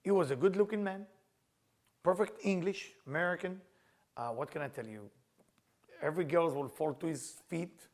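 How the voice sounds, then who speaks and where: A middle-aged man with an Israeli accent, a Kabbalah teacher telling a story as a lesson and acting out the dialogue with loud, animated bursts. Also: a little high, normal speed, long pauses.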